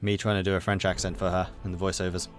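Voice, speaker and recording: A man's voice: sits low, level tone, quick pace, soft background music. A man hosting a let's play, giving casual, rambling gameplay commentary with fillers.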